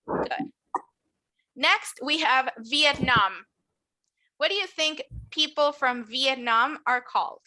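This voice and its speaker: Bright, high-pitched woman as a bilingual English teacher, slow model words for repetition. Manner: switches between English and Spanish explanations; slow, drawn-out model words for students to repeat. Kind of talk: online class teaching nationalities.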